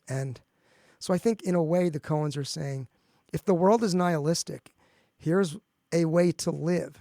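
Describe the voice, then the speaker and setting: Man, philosophy professor, gravelly and fairly high, dry close sound, casual discussion. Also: unhurried, dark tone, dry recording. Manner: thoughtful, restarts phrases often. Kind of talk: casual academic podcast discussion.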